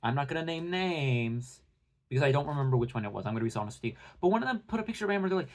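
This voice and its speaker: A man's voice: on the high side, animated. Profane, ranting young man. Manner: heated, profane and sarcastic; fast bursts of talk with many fillers. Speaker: commentary channel host. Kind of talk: heated casual rant to viewers.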